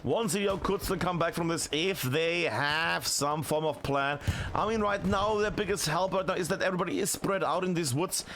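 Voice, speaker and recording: A man casting a tactical shooter match solo, chatty and excitable, shouting on big plays. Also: fairly high pitch, normal speed, a little hiss or hum. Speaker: esports caster. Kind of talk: solo play-by-play commentary.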